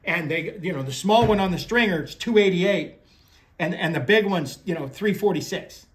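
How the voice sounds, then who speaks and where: High-voiced rambling fishing man. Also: lively intonation, normal speed. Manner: rambling storyteller, many restarts, folksy phrasing. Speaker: fishing guide and tackle presenter. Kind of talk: casual talk on crappie fishing.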